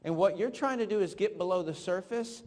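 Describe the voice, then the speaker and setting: A male trainer with a high voice leads a live seminar, quizzing and coaching his audience through drills. His voice rings through a hall with a long reverb. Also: a little fast, darkish tone. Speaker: network marketing trainer. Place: large room with an audience.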